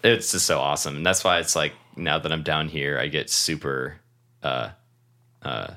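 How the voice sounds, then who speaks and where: Co-hosting a laid-back podcast, a young Washington state man meanders through his stories with frequent laughter and plenty of swearing. He has a bass voice that is bright and forceful, at normal speed.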